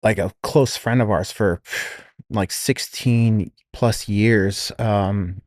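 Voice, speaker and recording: A man's voice: on the low side, slow pace, no room sound. Rambling man telling a story, dry sound. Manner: rambling, many fillers and restarts; quotes others in lively voices. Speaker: business founder telling a story. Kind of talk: casual podcast storytelling.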